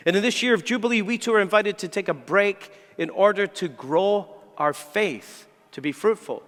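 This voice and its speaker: A man preaches a homily from the pulpit in an earnest way, lifting his voice for emphasis. His voice sits a little high for a man. A long church reverb trails every phrase. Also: normal speed, fairly bright tone. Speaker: parish priest. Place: large church.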